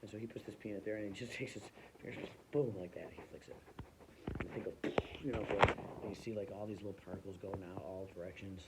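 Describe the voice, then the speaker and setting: A man's voice: deep voice, flat delivery, racing, few pauses, very noisy. A man telling a loose, rambling comic story in a casual way, full of fillers and restarts.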